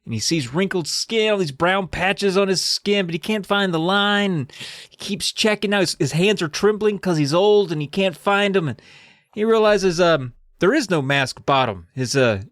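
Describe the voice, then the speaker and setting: A podcast co-host casually recapping a spooky book, telling it with lively, swearing storytelling. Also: mid-range voice, moderate pace, dry recording, studio quality.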